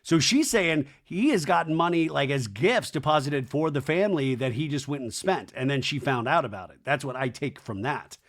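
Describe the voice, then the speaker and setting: A man's voice: on the high side, moderate pace, hardly any pauses. A young man hosting a podcast, recapping a reality TV episode in a campy, gossipy way and acting out the cast's lines in silly voices. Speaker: podcast host.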